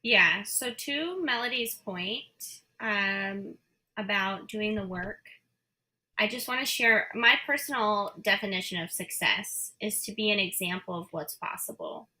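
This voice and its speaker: Woman interview guest, chatty and playful, bright forceful voice. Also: medium pitch, measured pace. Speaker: guest, membership business owner. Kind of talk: casual interview talk.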